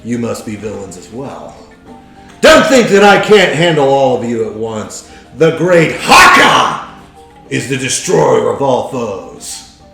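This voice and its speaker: A man voicing a fierce, boastful warrior woman who shouts proud challenges in a tabletop game. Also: medium pitch, big pitch swings, takes it slowly, gravelly, roomy sound, faint music behind, heavily acted.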